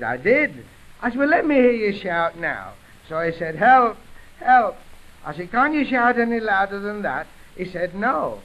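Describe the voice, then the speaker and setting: A young man with a Yorkshire accent doing chatty, punchline-driven music hall patter, on a dull 1929 gramophone recording. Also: high-pitched. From England. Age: 20s. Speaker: comedian. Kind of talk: music hall comic monologue.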